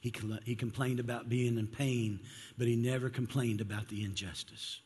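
Husky-voiced man preaching in a reverberant hall. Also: medium pitch, fairly even intonation, normal speed, darkish tone. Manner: earnest and conversational, preaching. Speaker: pastor. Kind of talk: sermon.

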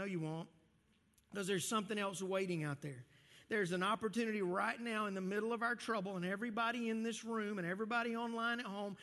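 In a sermon to his congregation, a pastor speaks in a fairly high voice, animated and conversational, frequently starting his sentences over. His words echo with the long reverb of a large church hall.

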